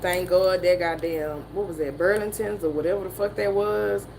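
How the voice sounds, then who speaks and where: A woman with a Southern American accent, telling a story in a profane, animated way and laughing often. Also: lowish voice, normal speed, creaky, slight background noise, low-quality recording. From Southern United States. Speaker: motivational streamer. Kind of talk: casual storytelling chat.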